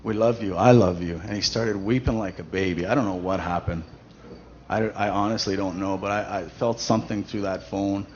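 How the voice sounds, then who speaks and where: A man with a lowish voice gives a personal testimony at a church event. He talks in a loose, conversational way, full of fillers and restarts. The recording is dull and lo-fi, with a faint hiss of noise underneath. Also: steady tone, moderate pace.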